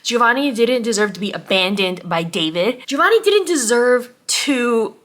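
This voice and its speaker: A young woman vlogging a heartfelt book review, emotional, moving between hushed, tearful passages and angry outbursts. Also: fairly high pitch, lively intonation, normal speed.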